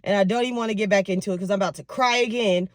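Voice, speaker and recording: A young woman vlogging casually to camera, telling her week in an expressive, venting way. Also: medium pitch, rapid-fire, no echo, studio quality. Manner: expressive, venting, lively storytelling. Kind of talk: casual vlog talk to camera.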